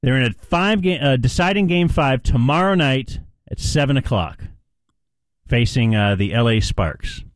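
A man's voice: mid-range voice, expressive, moderate pace, no room sound. A man hosting live sports talk radio, chatty and playful, rambling with asides.

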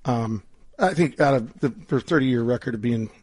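A man, a musician being interviewed at his house, his voice raspy and hoarse from a vocal cord injury, rambling and laughing often. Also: mid-range voice, moderate pace, a little mellow, no echo. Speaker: musician guest. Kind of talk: casual interview chat.

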